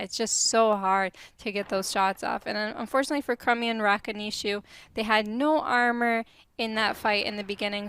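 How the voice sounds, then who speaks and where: Smooth-voiced female esports analyst. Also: medium pitch, a bit bright. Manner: friendly, chatty, many fillers. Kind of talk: casual analyst commentary.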